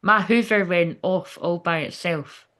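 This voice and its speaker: A woman's voice: on the low side, unhurried, fairly bright tone. A woman hosting a medium's live stream in a rambling, candid way, reading viewer comments aloud and swearing freely. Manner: rambling, candid, swears freely, often asks "do you know what I mean".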